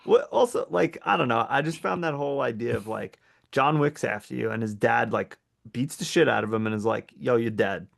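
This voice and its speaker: A man with a mid-range voice and a lot of vocal fry. He talks loosely and hesitantly, with fillers and casual swearing, in a chat with friends. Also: mid-range voice, expressive, a little fast, few pauses. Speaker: podcast co-host.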